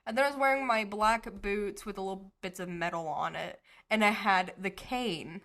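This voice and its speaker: Woman, podcast co-host, casual chat, rambling, self-correcting, bright tone. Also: mid-range voice, moderate pace.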